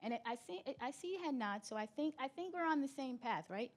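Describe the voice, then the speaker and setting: A woman giving an interactive keynote at a conference, energetic and laughing often as she walks among the audience. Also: high-pitched, quick pace. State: slightly out of breath. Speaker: keynote speaker. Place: conference hall.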